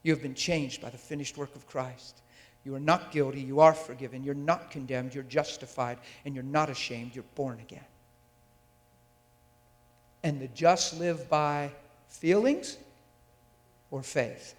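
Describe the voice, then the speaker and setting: A medium-pitched preacher speaks a little slowly, leaving long pauses. In a large church hall with long reverb, he uses a handheld or stand mic and is intense and emphatic, frequently asking the crowd whether they follow him.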